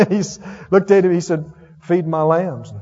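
Male preacher, high voice, folksy and chuckling, muffled recording with long echo. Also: a little slow. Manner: folksy, chuckling, swings from loud to hushed. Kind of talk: sermon. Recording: dull reverberant hall sound.

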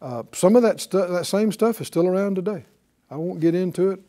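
A Bible teacher with a high, mellow voice leads a sermon at a slow pace. He questions the audience and gets them responding back to him.

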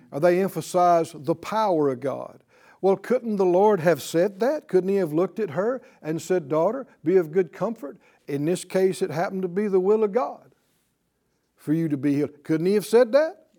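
A man's voice: sits high, warm tone. A man teaching a Bible class, emphatic, repeating key words and asking the class rhetorical questions.

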